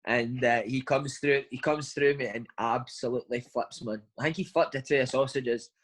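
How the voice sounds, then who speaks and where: This man's voice is mid-range and husky, with a steady tone at normal speed, on a rough recording. He's a footballer being interviewed casually, rambling through long stories and dropping "mate" every few words.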